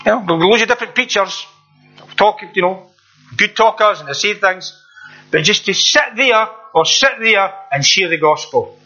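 Man, preacher, sermon, earnest, rhetorical questions, bright tense voice. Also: sits high, lively intonation, moderate pace, soft background music. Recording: dull lo-fi recording.

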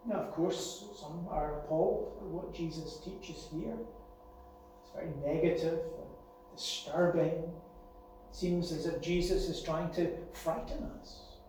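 A man delivers an earnest sermon, his voice sitting fairly high and now and then climbing into urgent warning. He is heard from a distance in a very reverberant church hall. A faint hum sits under the recording. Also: fairly even intonation, a little slow, darkish tone. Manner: earnest preaching, building to raised warning passages. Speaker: pastor.

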